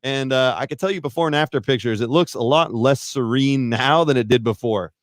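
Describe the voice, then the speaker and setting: A man's voice: medium pitch, fairly quick, no echo. A man, a podcast guest, chatting casually in a rambling, self-deprecating way that hedges a lot. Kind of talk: casual chat.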